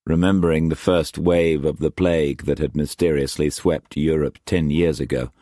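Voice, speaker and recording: A man narrating a historical novel in a measured storytelling manner. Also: rumbling low, fairly even intonation, mellow, no room sound, clean studio sound. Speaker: audiobook narrator. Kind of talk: scripted narration.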